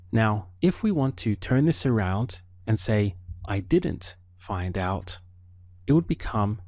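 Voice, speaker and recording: A man teaching a Spanish lesson online, explaining slowly and modeling words syllable by syllable. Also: fairly low pitch, darkish tone, no echo, studio quality. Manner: slow, deliberate explaining with careful word-by-word modeling.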